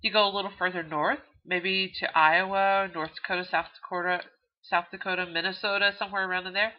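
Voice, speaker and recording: A woman's voice: lowish voice, a little fast. Chatty Texan woman lecturing. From Texas. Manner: chatty, lively, with frequent um fillers. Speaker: college instructor. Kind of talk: recorded video lecture. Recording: dull lo-fi video audio.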